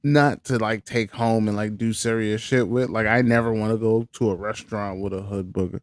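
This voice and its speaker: A man's voice: on the low side, steady tone, moderate pace, no room sound, studio quality. A man co-hosting a casual podcast, joking and laid-back, often trailing off mid-sentence. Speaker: podcast co-host.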